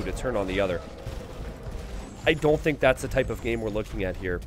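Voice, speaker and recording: A man's voice: medium pitch, moderate pace, over music. A man commentating a strategy game live on stream and reading the chat aloud. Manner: animated, reads viewer chat aloud.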